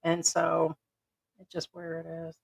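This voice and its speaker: A woman's voice: low-pitched, monotone, a little slow, gravelly, low-quality recording. A woman co-hosting a livestream, chatting casually and retelling stories with quoted back-and-forth dialogue. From United States. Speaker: livestream co-host.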